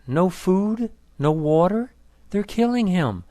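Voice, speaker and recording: A man's voice: high-pitched, big pitch swings, takes it slowly, warm tone, no echo, clean studio sound, pitched above the performer's own voice, exaggerated voice. A man reading the lines of a worried grown son who asks urgent, pleading questions.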